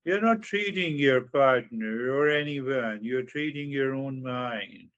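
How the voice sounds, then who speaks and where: A man giving a spiritual talk on meditation, speaking slowly with drawn-out, repeated phrases and sudden emphatic rises. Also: a little high, a bit bright, muffled recording. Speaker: meditation teacher.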